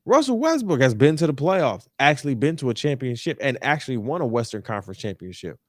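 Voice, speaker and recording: With a medium-pitched, sing-song voice and a fast delivery, a young podcast host in New York rants about sports on his talk show. He sounds emphatic and exasperated, repeating himself, and the recording is dry with clean studio quality.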